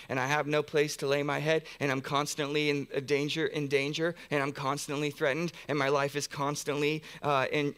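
A man's voice: a little high, fairly bright tone, clear, resonant tone. A man pastor preaching a sermon in a church, earnest, building through long repeated phrases with frequent restarts. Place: church sanctuary.

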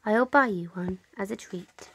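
A woman's voice: mid-range voice, unhurried, fairly bright tone, slightly rough. A woman doing a kindly storybook father. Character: kindly, cheerful family father.

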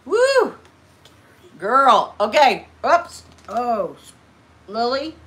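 A woman's voice: mid-range voice, expressive, slow pace, fairly bright tone. A woman hosting a casual eating livestream, chatting and giggling with viewers and a friend. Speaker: mukbang livestream host.

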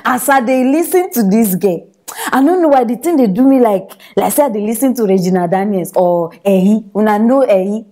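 A woman's voice: medium pitch, lively intonation, brisk, mellow. A woman with a Nigerian Pidgin accent hosting comedy gossip news, teasing and scolding with frequent laughter. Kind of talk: gossip commentary.

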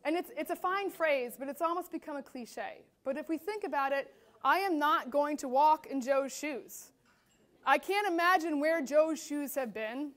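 A woman's voice: sits high, normal speed. A woman keynote speaker telling stories to an audience, acting out quoted voices and often saying "like". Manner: animated, acts out quotes with filler "like". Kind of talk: storytelling keynote talk.

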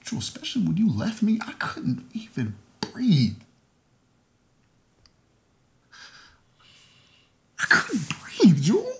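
An actor playing a hurt ex-fiancé who swings from low, quiet words to cracking shouts. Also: male voice, very animated, normal speed. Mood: heated, wounded. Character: hurt ex-fiancé, proud and wounded. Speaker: jilted ex-fiancé. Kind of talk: romantic drama acting.

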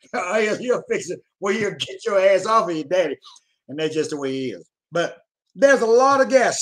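A man talks as a show guest, boastful and profane. His voice sits high, and its pitch swings widely and lively. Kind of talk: casual chat about CB radio.

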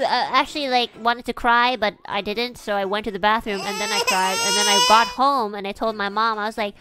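A woman's voice: a little high, fairly even intonation, a little fast, hardly any pauses, sharp tone, smooth, soft background music. A young woman streamer telling a childhood story in a chatty, rambling way, full of fillers. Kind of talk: casual storytelling.

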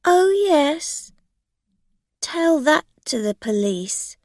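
A woman reading a storybook, voicing a bold, demanding middle-aged woman who talks in a sharp, insistent way. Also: high-pitched, very animated, extremely slow, no echo, clean studio sound, voice pushed up, exaggerated voice.

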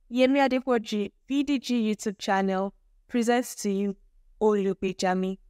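Woman, earnest gospel film intro, smooth dry voice. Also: medium pitch, darkish tone, dry recording. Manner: earnest, preaching tone. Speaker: film announcer. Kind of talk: gospel film promo announcement.

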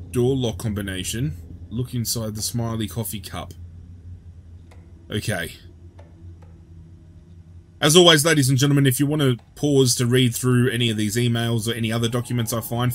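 A man's voice: medium pitch, a little fast, a little hiss or hum. A man giving casual gameplay commentary, chatty and joking, who swears freely as he plays.

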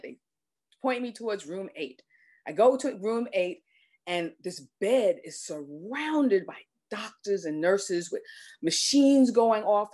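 Expressive, self-deprecating woman storyteller. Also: mid-range voice. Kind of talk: live personal storytelling.

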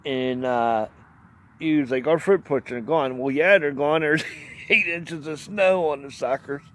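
A man's voice: a little high, measured pace, a bit bright. A man telling a hunting story in a rambling, folksy way, laughing often and cursing now and then. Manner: plainspoken, mild cursing. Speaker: outdoors vlogger. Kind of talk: casual storytelling.

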